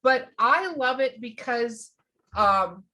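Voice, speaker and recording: A woman's voice: on the high side, animated, takes it slowly, sharp tone. A woman co-hosting a podcast in casual chat, enthusiastic and sometimes trailing off as she searches for names. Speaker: podcast co-host.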